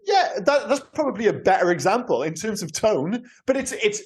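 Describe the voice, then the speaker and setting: A man with a Welsh Cardiff accent chats casually as a podcast co-host, his voice sitting a little high for a man. He rambles and restarts his sentences, swearing freely as he explains things to his co-host. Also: sing-song, a little fast, husky. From Cardiff, Wales. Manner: rambling, self-interrupting, sweary. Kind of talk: casual chat.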